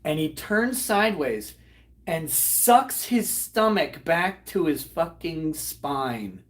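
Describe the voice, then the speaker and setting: A man, host of a live online show, retelling a comedy act in a loud, profane, animated way and breaking into laughter. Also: on the high side, slow. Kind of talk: casual storytelling on a livestream.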